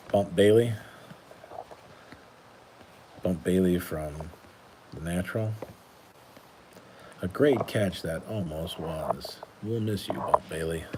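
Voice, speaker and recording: A deep-voiced, slightly mellow man, a host and coach, chats casually on a live stream while sorting cards. He rambles in an easygoing way with many restarts, and there's a little hiss or hum in the audio.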